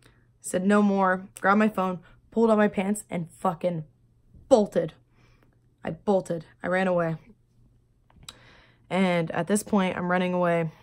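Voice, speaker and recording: A woman speaks to the camera in a personal video diary, her voice sitting a little low. She talks quietly and haltingly, with frequent pauses, fillers and restarts. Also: steady tone. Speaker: vlogger.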